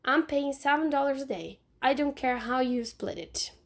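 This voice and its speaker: A woman's voice: high voice, moderate pace, vocal fry. A woman reading aloud and voicing a mother who speaks in a mild, matter-of-fact way. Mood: calm. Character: calm practical mother of two boys.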